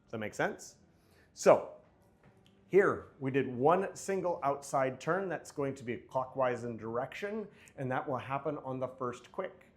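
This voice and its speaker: A man's voice: mid-range voice, lively intonation, normal speed. A man teaching a dance class with a microphone on, chatty and joking as he counts out the steps. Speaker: dance instructor. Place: dance studio. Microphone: wearing a microphone.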